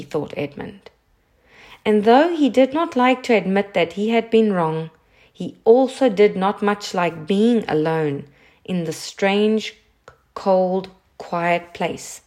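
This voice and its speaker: A woman narrating a children's novel in a calm, even storytelling delivery. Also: mid-range voice, slow pace. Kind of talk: audiobook reading of a children's novel.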